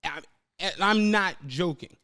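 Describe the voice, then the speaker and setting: A man's voice: high-pitched, slow, creaky, bright, forceful tone, clean tone. A young adult man hosting a podcast, telling a travel story in casual chat, acting out his friends' lines and swearing freely. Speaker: podcast host.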